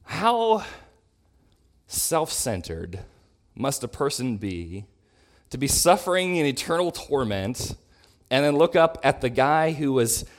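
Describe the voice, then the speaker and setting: A man teaching a Bible lesson to his congregation, talking it through thoughtfully, sometimes clearing his throat and correcting himself as he reads. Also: medium pitch, expressive, unhurried. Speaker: preacher.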